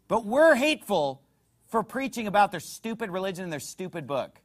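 A man with a high voice that swings widely in pitch, preaching a fiery sermon. He hammers home rhetorical questions, rises into shouts and drops low again, and stops now and then to read passages aloud from a book. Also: big pitch swings, brisk.

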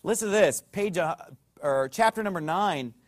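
High-pitched, heated preacher man. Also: expressive, moderate pace. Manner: heated, preaching with shouted peaks and rhetorical questions; reads passages aloud from a book. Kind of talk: fiery sermon.

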